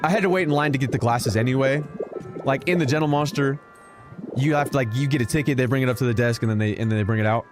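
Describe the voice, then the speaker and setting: A man streaming a video game, telling stories in an animated, profane, casual way. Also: medium pitch, fast. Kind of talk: casual storytelling while gaming. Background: game music.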